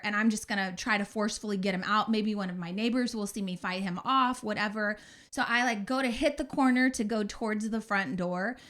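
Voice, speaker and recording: A woman in her forties, a podcast co-host, telling a story in casual chat, animated and acting out her own outbursts with swearing. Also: on the high side. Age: 40s.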